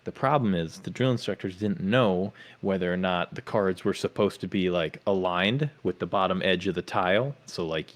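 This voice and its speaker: A man co-hosting a podcast, telling a lively story about his days as a Marine and acting out his drill instructors. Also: deep voice. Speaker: podcast co-host; former Marine. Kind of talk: casual storytelling chat.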